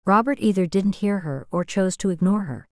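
A woman reading an audiobook in a steady, measured way as scripted narration. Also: mid-range voice, no echo, clean studio sound.

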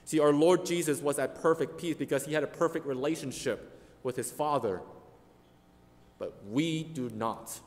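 A man's voice: on the high side, normal speed, darkish tone. A man preaching a sermon as pastor, earnest and emphatic, leaning hard on key words. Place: church sanctuary. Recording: long reverb of a church hall.

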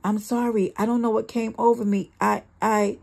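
A volatile, jealous man who snaps into cursing rage, voiced by a woman reading a story aloud. His voice has a gravelly edge. In a calmer moment he turns to wheedling apologies. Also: fairly high pitch, normal speed. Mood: pleading. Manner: shouting curses, then pleading. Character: abusive jealous male partner, volatile.

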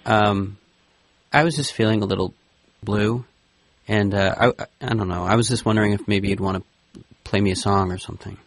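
Meek, husky-voiced man, low and dry. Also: normal speed, dry recording. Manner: meek, deadpan, subdued. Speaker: host. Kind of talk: casual phone chat.

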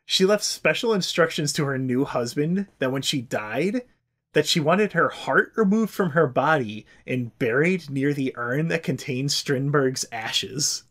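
A man's voice: on the high side, animated, measured pace, a bit bright. A man hosting a podcast, telling a history story in a loose, profane, chatty way. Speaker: podcast host. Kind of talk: casual storytelling.

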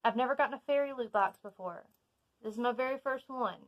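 A woman's voice: a little high, brisk, highs cut off. Southern woman, chatty book vlogger, gushes over each item, casual unboxing in her bedroom. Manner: chatty, excitable, gushing. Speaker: book YouTuber. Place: bedroom at home.

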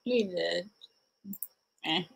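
A woman's voice: fairly low pitch, extremely slow, gravelly, low-quality recording. A woman hosting a casual livestream, giggling constantly and slap-happy tired. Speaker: livestream host.

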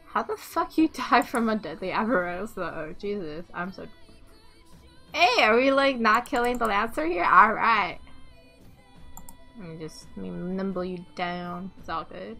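A young woman giving casual, excitable gameplay commentary at home, swearing often and laughing a lot. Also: medium pitch, normal speed, gravelly. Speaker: game streamer. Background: faint game music.

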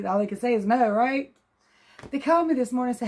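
A woman chatting casually to her phone camera as a vlogger, folksy and quick to laugh. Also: a little high, a little mellow. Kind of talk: casual vlog chat. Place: outdoors at a car lot, then at home.

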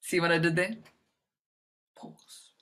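A bright-toned woman coaching an audience on public speaking. Her delivery is animated and demonstrative, swinging between loud and soft, high and low. She gives short, direct instructions in a presentation style. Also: moderate pace, poor audio. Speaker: confidence coach. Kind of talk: presentation to medical professionals.

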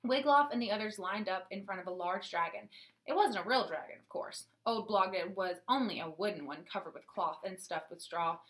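A woman's voice: mid-range voice, brisk, fairly bright tone. Woman reading a children's story. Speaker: audiobook narrator. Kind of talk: storybook narration.

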